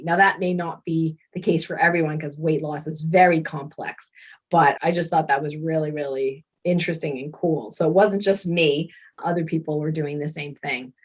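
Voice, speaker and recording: A middle-aged woman, a doctor and author, chatting as an interview guest and telling lively stories. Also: low voice, moderate pace. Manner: lively storyteller who acts out quoted voices and laughs often. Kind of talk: casual interview chat. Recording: dull lo-fi recording.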